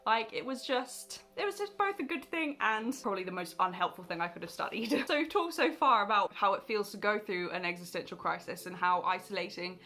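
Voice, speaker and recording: A young adult woman speaking candidly to camera in a personal vlog, emotionally expressive and willing to laugh at hard memories. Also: mid-range voice, fairly quick, hardly any pauses. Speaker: vlogger. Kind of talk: personal confessional talk to camera.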